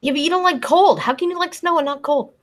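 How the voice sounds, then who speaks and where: A woman's voice: high-pitched, fast. A woman from Canada joking bluntly and swearing in a casual chat with friends on a stream. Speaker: stream guest.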